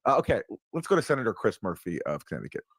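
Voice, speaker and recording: Brisk, scornful male show host. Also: on the low side, sing-song, slightly rough, no echo. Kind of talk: political commentary show.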